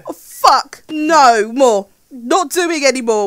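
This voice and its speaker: Scared woman gamer, high voice that swings all over, panicky and swearing, game music behind. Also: lively intonation, slow pace, a bit bright. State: frightened. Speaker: gaming streamer. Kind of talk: reactive gameplay commentary.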